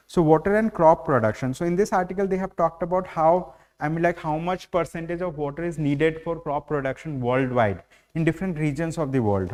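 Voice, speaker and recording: A man's voice: on the high side, a little mellow. A man with an Indian English accent teaching current affairs in an online exam-prep lecture, explaining step by step and leaning on "like, you know". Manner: explanatory, heavy use of fillers like "you know".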